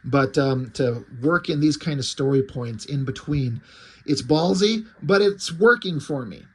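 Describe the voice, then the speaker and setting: A man chatting casually about comics, loose and profane, with plenty of fillers and restarts. His voice sits slightly high for a man. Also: a little slow, breathy edge. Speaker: comic book reviewer. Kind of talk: casual chat.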